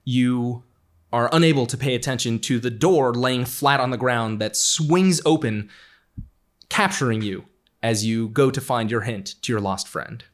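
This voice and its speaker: A man's voice: mid-range voice, unhurried. Playful man narrating a tabletop game. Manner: playful, storytelling. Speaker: game master.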